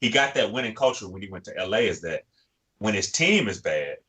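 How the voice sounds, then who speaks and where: A man with a fairly low yet bright, forward voice talks sports on a podcast. He is animated and casual and acts out imagined quotes. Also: a little fast. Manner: animated, acts out players' thoughts, repeats "to be honest with you". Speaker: podcast co-host.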